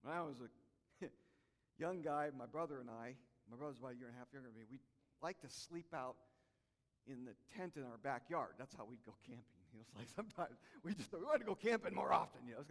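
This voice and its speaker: Animated preacher man in a reverberant hall. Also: mid-range voice, brisk. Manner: animated, call-and-response with congregation. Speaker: pastor. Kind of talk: sermon.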